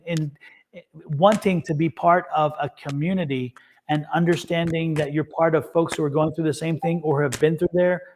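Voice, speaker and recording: Man, tarot reader, casual chatter, slightly high voice, repeats words, laughs a lot. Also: slight background noise. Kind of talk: casual livestream chat.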